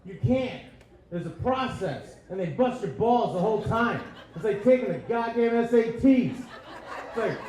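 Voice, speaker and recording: A man doing stand-up comedy, with a profane rant style and shouted bursts, acting out dialogue. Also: high-pitched, expressive, unhurried. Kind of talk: stand-up set. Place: comedy club stage. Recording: echoey club with crowd laughter. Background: audience laughing.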